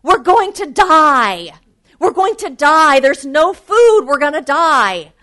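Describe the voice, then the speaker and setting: A woman acting out a frantic shipwrecked man yelling. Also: sits high, takes it slowly, voice pushed up. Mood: panicked. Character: panicking shipwrecked man, screaming doom.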